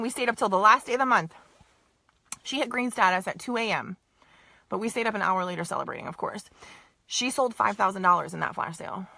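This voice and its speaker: Fast, bright-voiced woman giving a pep talk. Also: a little high, dry recording. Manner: emphatic, repetitive, keeps saying "you guys" and "okay". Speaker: sales team leader. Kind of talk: motivational live-stream pep talk.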